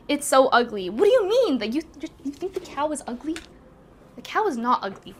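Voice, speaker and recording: Young woman streamer, high bouncy voice, bubbly and scattered, chatting live from home. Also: sing-song, normal speed, a little hiss or hum. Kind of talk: casual live-stream chat. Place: at home by a walking pad.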